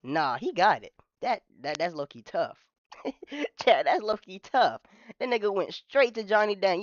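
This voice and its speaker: A woman streamer reacting live, addressing her chat in heavy slang and dropping her voice low for emphasis. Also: animated, measured pace, dry recording, muffled recording.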